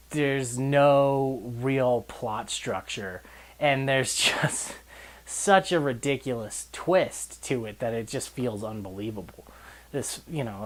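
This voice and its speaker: Exasperated, sarcastic male film reviewer. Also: mid-range voice. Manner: sarcastic, exasperated, laughing rants. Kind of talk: casual profane film review.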